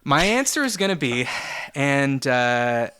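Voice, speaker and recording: A man's voice: mid-range voice, sing-song, slow pace, sharp tone. A young adult man hosting a podcast game in a playful, teasing casual chat. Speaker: podcast host.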